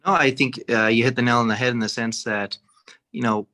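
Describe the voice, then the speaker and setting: A man in a casual business chat, explaining deals in a measured way. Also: medium pitch, steady tone, pushed and bright, poor audio.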